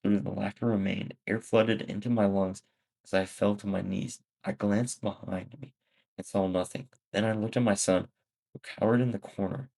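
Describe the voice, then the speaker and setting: A man's voice: on the low side, steady tone, normal speed, creaky, darkish tone, poor audio. A man reading a first-person story aloud, a plain reading with small slips. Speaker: story narrator.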